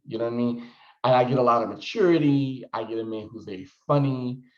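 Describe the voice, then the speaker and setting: A man's voice: medium pitch, quick pace. A man giving a casual, rambling psychic reading, full of fillers and restarts. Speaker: psychic reader. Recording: roomy echo, dull lo-fi sound.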